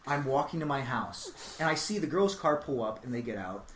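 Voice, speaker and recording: A man telling a long story on a casual podcast, animated and growing louder as he quotes himself. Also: mid-range voice, brisk, a crowd in the background. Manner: animated, voice rises to near-shouts when quoting himself. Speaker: comedian guest telling a story. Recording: echoey room with faint noise.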